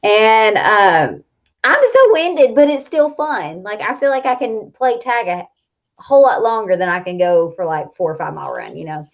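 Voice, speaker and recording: Animated Southern woman coach, lo-fi. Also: mid-range voice, moderate pace. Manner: animated, laughing, rambling. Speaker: coach, co-host. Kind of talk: casual chat. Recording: dull lo-fi audio.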